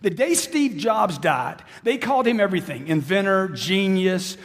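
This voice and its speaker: A man's voice: high-pitched, animated, moderate pace. A man giving an emphatic motivational stage speech, repeating lines for effect and firing questions at the crowd. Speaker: motivational speaker. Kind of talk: live stage speech to an audience. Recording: long hall reverb.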